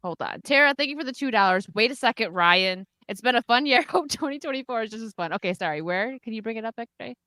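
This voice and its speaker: A woman with a bright, forceful voice hosts a relaxed party stream, chatting, giggling and reading out donations. Her voice is close and dry, with no room sound around it. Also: on the high side, fast talker, few pauses, dry recording. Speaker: live stream host. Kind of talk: casual party chat on a live stream.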